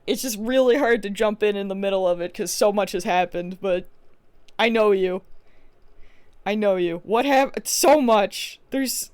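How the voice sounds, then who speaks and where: A woman's voice: medium pitch, unhurried, darkish tone, clean tone, dry recording. A young woman streaming a game from home, telling a rambling story in a casual, chatty way with many restarts. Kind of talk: casual livestream chat while playing a game.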